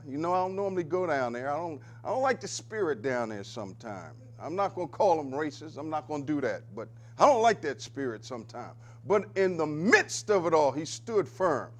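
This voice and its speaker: A man hosting a local community show's news segment, talking in a preacherly, exclamatory way that swings between loud and soft. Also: on the high side, big pitch swings, a little fast, few pauses. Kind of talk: lively community TV commentary.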